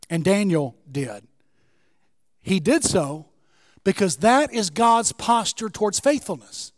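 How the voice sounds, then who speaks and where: High-voiced man preaching with fervor. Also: expressive, takes it slowly, dry recording, studio quality, in a large hall. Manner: impassioned preaching, rising to shouts. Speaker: pastor. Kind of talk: sermon. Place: church sanctuary.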